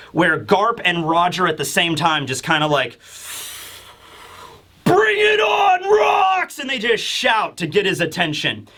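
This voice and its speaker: A man hosting a casual manga chapter review, talking in an excitable, rambling way with casual swearing. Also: on the high side.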